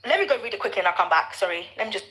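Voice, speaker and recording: Woman guest on a live chat, quick and bright, apologetic, reasons things out aloud. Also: mid-range voice, animated, poor audio. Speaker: guest sharing screenshots. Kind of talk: casual live chat discussion.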